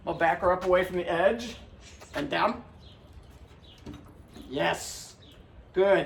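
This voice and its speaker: High-voiced man demonstrating dog training. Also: a bit bright, slight background noise, low-quality recording. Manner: patient explaining, with cheerful praise to a dog.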